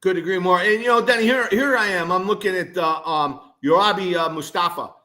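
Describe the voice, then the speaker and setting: A man's voice: sits high, fairly quick, pushed and bright. A man who is a former college football player, talking as a guest on a sports show in an emphatic, blunt way that repeats words. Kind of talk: casual sports talk.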